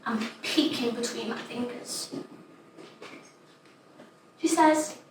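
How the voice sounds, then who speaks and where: A woman's voice: on the high side, slow. A woman performing a dramatic monologue as an innocent, rambling little schoolgirl. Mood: innocent chatter. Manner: innocent, rambling, matter-of-fact. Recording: echoey room, distant mic, noisy.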